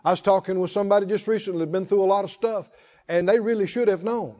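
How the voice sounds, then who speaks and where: Man preaching, folksy, calls out to the crowd, high voice, muffled hall sound. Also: fairly even intonation, quick pace, dark tone. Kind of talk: sermon. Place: church hall.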